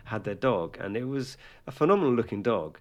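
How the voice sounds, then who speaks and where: A man's voice: on the low side, lively intonation, a little fast, dull audio. A young man co-hosting a podcast, telling rambling, self-mocking stories in casual chat with lots of restarts. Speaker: podcast co-host.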